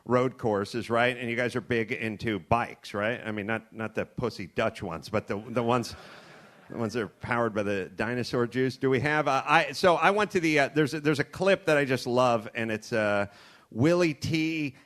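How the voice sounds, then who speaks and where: A middle-aged American man hosting a comedy show, telling rambling, profane stories with animated asides into a studio mic. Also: mid-range voice, moderate pace. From United States. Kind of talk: comedic storytelling. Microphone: studio mic with cord.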